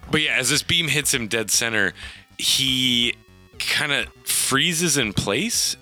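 A man's voice: medium pitch, lively intonation, slow pace, pushed and bright, soft background music. A man narrating a tabletop game as game master, loosely, with frequent fillers and laughs.

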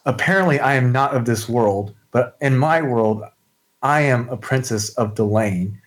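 A man's voice: mid-range voice, unhurried, natural voice. A man voicing a commanding young princess with a sword, speaking firmly and making demands. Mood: stern. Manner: firm, demanding and matter-of-fact.

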